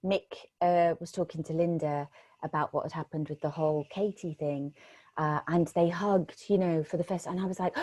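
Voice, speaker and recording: An actress chats in an interview, warm and lower-pitched, bringing her stories to life by playing out old conversations. The sound is dry and close, with little room behind it. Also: normal speed, no room sound. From Britain. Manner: animated storytelling, re-enacts conversations. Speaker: actress guest.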